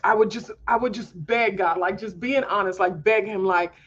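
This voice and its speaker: Woman host, candid confiding monologue, mid-pitched voice, muffled lo-fi sound. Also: normal speed. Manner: earnest and confiding, heavy use of fillers like "um" and "like". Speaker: homeschool mom podcast host.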